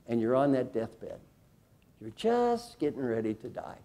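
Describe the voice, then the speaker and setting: Mellow-voiced man giving a motivational talk. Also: medium pitch. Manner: energetic and emphatic, asks the audience questions; slows and drops softly for a guided reflection. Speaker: speaker giving a talk on coaching. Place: conference hall before a live audience.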